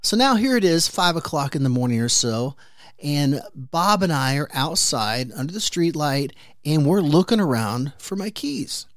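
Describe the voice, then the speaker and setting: Animated male podcast storyteller, dry sound. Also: fairly high pitch, normal speed, no echo. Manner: animated storyteller who briefly acts out the neighbors' voices; reflective and earnest when drawing the lesson. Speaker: podcast host. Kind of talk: motivational storytelling monologue.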